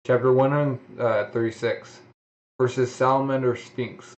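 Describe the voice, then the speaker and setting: A man's voice: mid-range voice, highs cut off. A man reading a manga aloud, voicing the sound effects and often restarting his sentences. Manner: halting reading with frequent restarts. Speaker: manga reader.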